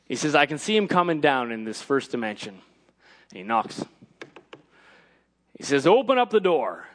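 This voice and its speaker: A man preaching a sermon, punctuating his lines with "Amen" and rising to shouted emphasis. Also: medium pitch, animated, moderate pace.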